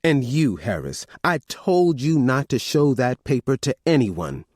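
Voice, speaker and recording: A man reading an audiobook, voicing an older mother who calmly and firmly lays down the law to her grown children. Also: mid-range voice, a little slow, no room sound, clean studio sound, voice pushed up. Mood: firm, commanding. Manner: firm, commanding, calm. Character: stern family matriarch, older woman.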